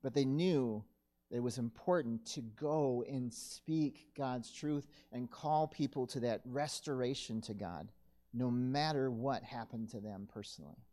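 A male pastor delivering a sermon in an earnest, measured way, sometimes correcting himself mid-sentence. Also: mid-range voice, warm tone. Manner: earnest, measured preaching with occasional self-corrections.

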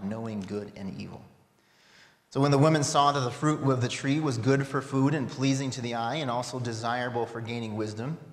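A man preaching a sermon, reading scripture aloud and asking reflective, rhetorical questions. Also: lowish voice. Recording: echoey hall with long reverb.

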